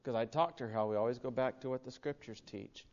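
A man's voice: medium pitch, fast talker, darkish tone. A male preacher giving a sermon, telling a story in a folksy way with many fillers and restarts. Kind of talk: sermon with personal anecdote. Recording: dull sound in a reverberant hall.

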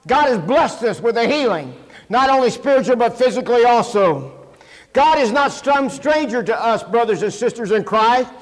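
High-voiced man preaching with hall reverb. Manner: animated storyteller, self-mocking humor. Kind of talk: sermon with personal stories.

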